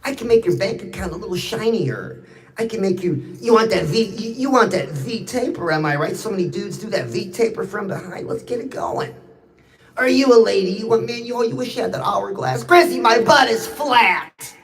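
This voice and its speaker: A woman's voice: mid-range voice, animated, fairly quick, reverberant, low-quality recording. A woman hosting a live stream, giving a brash, teasing motivational talk straight to her viewers and calling them out.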